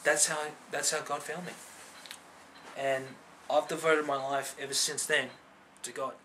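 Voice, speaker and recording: Speaking at a measured pace, this man's voice runs on the high side with a level tone, and background noise is audible. He is a vlogger from a Filipino family, sharing a personal testimony on camera in an earnest, chatty way. Fillers abound, and he keeps asking "right?" after making a point.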